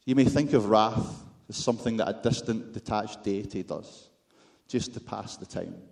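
A man's voice: fairly low pitch, moderate pace, gravelly, darkish tone. A man with a Scottish accent preaching a sermon, with wry, self-deprecating humor and rhetorical questions to the congregation.

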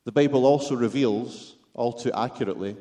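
A man's voice: medium pitch, fairly quick, warm tone. A man with a Scottish accent preaching a sermon, with wry, self-deprecating humor and rhetorical questions to the congregation.

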